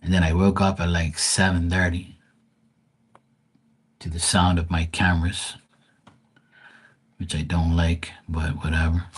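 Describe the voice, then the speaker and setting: A man's voice: low-pitched, completely flat delivery, measured pace, long pauses, breathy edge. A man reading tarot cards and chatting casually with viewers on a live stream, calling them by name and swearing lightly.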